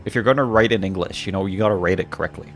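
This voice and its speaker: A male gaming streamer who jokes around and bursts into loud, excited outbursts as he plays. His voice sits on the lower side, and faint music plays behind him. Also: very fast. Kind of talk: casual gaming commentary.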